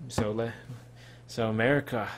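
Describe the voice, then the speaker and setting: A man's voice: medium pitch, fairly even intonation, normal speed. A man hosting a casual live-streamed podcast, rambling and correcting himself as he goes. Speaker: podcast host.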